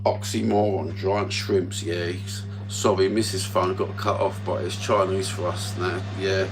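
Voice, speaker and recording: A man's voice: low voice, level tone, unhurried, background noise. A man, hosting a casual livestream from home with crude, sweary banter into his phone. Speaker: livestream host.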